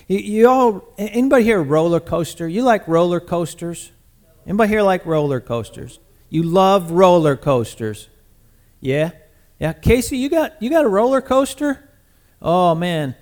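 A man preaching a sermon in a conversational, animated way, speaking directly to his congregation and swinging from loud bursts to quiet asides. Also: on the high side. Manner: talks to the congregation directly, calling on people by name.

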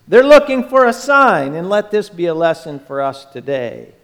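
A pastor preaching a sermon, telling the story with lively, animated storytelling and acting out the voices of the people in it. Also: male voice, high-pitched, normal speed, few pauses. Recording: long hall reverb.

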